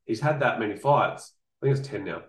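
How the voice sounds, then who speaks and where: A man's voice: fairly low pitch, a little fast. A man hosting a casual podcast chat, a fight coach talking bluntly and with energy. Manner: blunt, animated, swears, repeats himself. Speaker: podcast host, combat sports coach. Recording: roomy echo.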